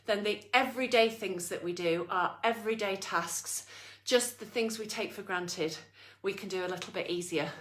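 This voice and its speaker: A woman who is a fitness instructor leads an online exercise class, breathless yet upbeat and encouraging as she counts down and cheers everyone on. Her voice is medium-pitched and fairly bright, at normal speed with few pauses, and the sound is roomy.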